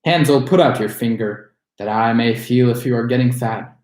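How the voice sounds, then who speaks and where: A man's voice: mid-range voice, moderate pace, darkish tone, close to an everyday voice. A man reading the lines of a wicked old witch who scolds and gives orders impatiently. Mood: scolding. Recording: roomy echo.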